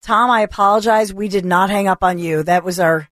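A woman's voice: mid-range voice, brisk. A woman hosting a talk radio show, talking in a chatty, reassuring way with frequent restarts. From Philadelphia area. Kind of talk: casual talk radio monologue. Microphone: studio microphone.

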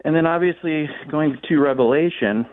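A man's voice: a little high, normal speed. A man calling in to a radio show, asking an earnest, carefully built question. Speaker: radio caller. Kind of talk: phone-in question. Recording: tinny phone line.

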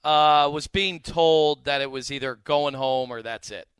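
A man's voice: fairly high pitch, a little slow, fairly bright tone, clear, resonant tone, no echo. A man co-hosting a podcast, trading wry, mock-motivational banter. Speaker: podcast co-host. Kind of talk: casual banter.

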